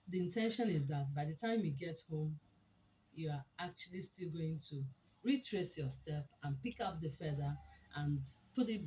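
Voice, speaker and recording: A woman's voice: low-pitched, a little mellow. Emphatic woman giving a relationship talk. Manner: emphatic, teacherly, with rhetorical questions. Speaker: relationship speaker. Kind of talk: motivational talk. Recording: dull lo-fi sound with faint noise.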